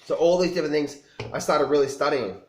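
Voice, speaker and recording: A man's voice: fairly high pitch, fast talker. A man telling his own story to camera in a casual, rambling way, often restarting and repeating himself. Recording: echoey room.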